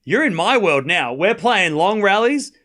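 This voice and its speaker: A laid-back tennis pro taunts his opponent in a slow, easy drawl, as a man puts him on in a live commentary stream. The voice is high and bright with lively swings in pitch. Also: full character voice. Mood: taunting. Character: calm baseline tennis player, content to rally.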